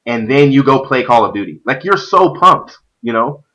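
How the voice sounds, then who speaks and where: With a mid-range voice at a moderate pace, this man hosts a stream and chats loosely about competitive gaming. The youth pastor rambles animatedly with plenty of fillers, captured on a low-quality recording.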